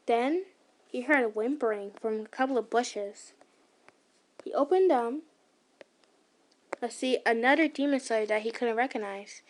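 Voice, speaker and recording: A woman's voice: on the high side, unhurried, pauses often. A woman reading a fan story aloud in a casual, stumbling way, with side remarks. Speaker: ASMR storyteller.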